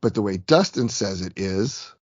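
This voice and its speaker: A chatty man co-hosting a gaming podcast, with a low voice gone a little hoarse. He rambles good-naturedly and pokes fun at himself. The sound is dull and dry, like a home setup. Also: animated, moderate pace, darkish tone, no room sound. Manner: chatty, self-deprecating, rambling. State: slightly hoarse from illness. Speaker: podcast co-host. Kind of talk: casual chat about tabletop gaming.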